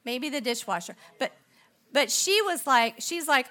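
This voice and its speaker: A middle-aged woman preaching a storytelling sermon, animated and acting out the people in her story, then dropping to soft, intense tones. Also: high-pitched, normal speed. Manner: animated, acts out quoted voices, drops to soft intense tones.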